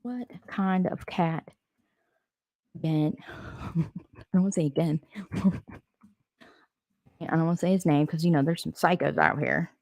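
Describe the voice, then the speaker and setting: A woman's voice: deep voice, unhurried, pauses often, a little mellow, dry recording, clean studio sound. A woman hosting a casual live stream, talking to viewers, answering their comments and laughing often. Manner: laughs often, rambling asides.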